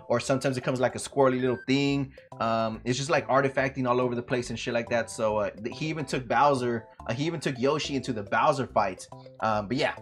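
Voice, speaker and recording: A young man streaming a retro game, chatting casually, swearing a lot and breaking into loud outbursts, saying he is sleepy. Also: mid-range voice. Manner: profane, rowdy, loud outbursts and laughing.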